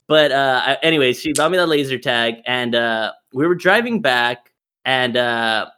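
A man casually telling a story, animated, swearing freely and acting out the people he quotes. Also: mid-range voice, measured pace, smooth.

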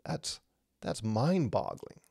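A man teaching a livestreamed Bible lesson in a conversational, animated way, with frequent fillers and emphatic stresses. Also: lowish voice, takes it slowly, vocal fry, slightly rough, dry recording, studio quality.

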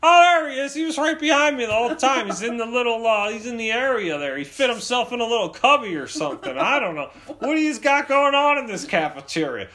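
A loud, high-pitched bearded dad, flustered and exasperated, talking in one endless run-on ramble, as a man puts him on. The voice is bright and loud and swings wildly up and down. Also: lively intonation, exaggerated voice. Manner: exasperated, rambling without pause.

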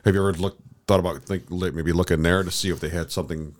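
This podcast co-host is a man with a low-pitched voice and fairly even intonation who talks fast. His casual chat rambles, full of fillers and restarts.

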